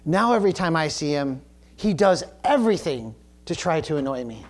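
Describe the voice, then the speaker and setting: A man's voice: a little high, big pitch swings, normal speed. A male pastor preaching a sermon, telling a personal story in a candid, self-deprecating way. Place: church service.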